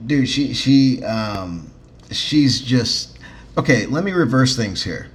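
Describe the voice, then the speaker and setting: Sarcastic man on a podcast, mid-pitched. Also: animated, slow pace. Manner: joking, sarcastic, swears freely, many ums and uhs. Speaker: podcast co-host. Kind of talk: casual podcast chat.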